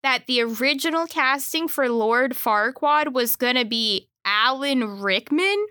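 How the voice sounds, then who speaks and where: A woman co-hosting a casual podcast chat, sharing fun facts and dropping dry, deadpan jokes. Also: high-pitched, unhurried, no echo. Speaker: podcast co-host.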